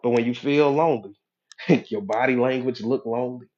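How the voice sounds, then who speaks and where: A man's voice: medium pitch, normal speed, a little mellow, dull audio. A man as a hypnotherapist and life coach giving a motivational talk, preachy and conversational, often checking in with his listeners.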